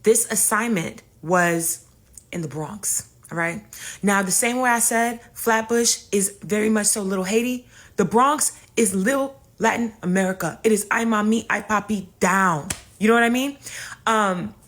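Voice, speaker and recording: A young woman telling a comedic story in a casual, animated and profane way, speaking straight to her audience. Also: mid-range voice, a little slow.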